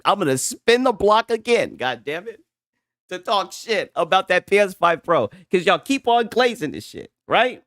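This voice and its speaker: A man's voice: high voice, very animated, normal speed, a bit bright, no room sound, studio quality. A man hosting a casual gaming livestream, mocking his audience with frequent laughter and profanity. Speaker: gaming commentary streamer.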